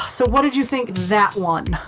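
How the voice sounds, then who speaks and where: Brief: woman podcast co-host, animated and profane storyteller, faint music underneath. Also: medium pitch, takes it slowly. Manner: lively storyteller, swears freely, acts out quotes. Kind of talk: casual chat recapping a film.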